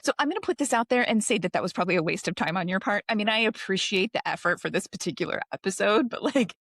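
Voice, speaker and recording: A woman's voice: medium pitch, animated, quick pace, fairly bright tone, dry recording. Woman cohost, blunt casual talk, says "like" a lot, dry sound. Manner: frank, conversational, lots of "like" and "I mean". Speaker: podcast co-host. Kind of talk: casual chat.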